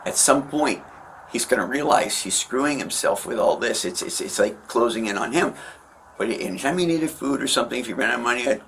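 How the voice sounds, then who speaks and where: A landlord being questioned by a detective in a recorded police interview, talking in a rambling, defensive and emphatic way. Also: male voice, mid-range voice, animated, fairly quick, fairly bright tone, slight background noise, low-quality recording.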